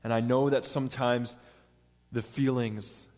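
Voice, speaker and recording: A man's voice: mid-range voice, fairly even intonation, measured pace, a little mellow. Man preaching in a reverberant hall. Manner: earnest, step-by-step teaching with acted-out quotes. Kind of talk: sermon.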